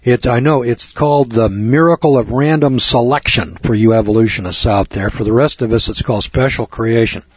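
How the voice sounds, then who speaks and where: Husky man lecturing emphatically, lo-fi. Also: medium pitch, fairly quick, hardly any pauses, dry recording. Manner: emphatic, preachy, mocking asides. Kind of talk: lecture reading aloud with commentary.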